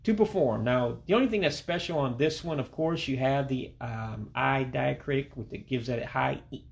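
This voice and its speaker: A man leads a recorded language lesson, speaking over pictures rather than on camera. His voice has a gravelly, fry-edged texture and sits at an ordinary middle pitch. He goes patiently, repeating each word slowly and with care. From Alabama, United States. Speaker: language teacher. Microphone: voice-over to pictures and on-screen text.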